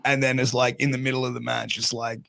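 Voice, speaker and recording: Male podcast host, medium pitch, dry close sound; loose, profane anecdote-teller. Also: fast, creaky, no room sound. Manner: profane, rambling, animated storyteller. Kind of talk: casual storytelling chat.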